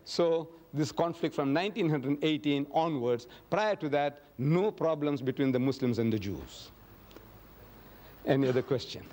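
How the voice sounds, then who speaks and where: A man's voice: on the high side, normal speed, a little mellow. A man answering audience questions in a public lecture, telling stories emphatically and acting out quoted dialogue. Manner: emphatic storyteller who acts out quoted dialogue.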